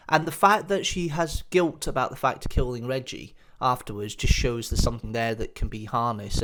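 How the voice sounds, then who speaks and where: A man of middle pitch talks through his thoughts on an audio drama in a loose, casual way. He is chatty and enthusiastic, often circling back to the same friendly phrases. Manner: chatty, enthusiastic, repeats "nice little" and "interesting". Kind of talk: casual spoken review.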